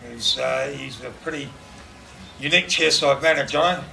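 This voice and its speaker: Gravelly New man speaking from afar. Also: medium pitch, normal speed, pushed and bright. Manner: rambling, many fillers, laughing through anecdotes. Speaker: eulogist at a memorial. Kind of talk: informal memorial speech. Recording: distant mic with background noise.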